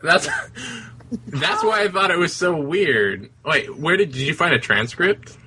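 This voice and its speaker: A man's voice: on the high side, expressive, measured pace, sharp tone, a little hiss or hum. A man co-hosting a podcast in a casual chat, giggly and rambling with frequent restarts. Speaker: podcast co-host.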